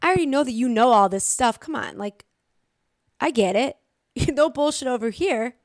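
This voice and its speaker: A woman's voice: a little high, animated, moderate pace, dry recording, studio quality. A young woman giving a blunt, motivational talk straight to her viewers, swearing often and repeating phrases for emphasis. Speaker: recovery vlogger. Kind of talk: direct-to-camera motivational talk.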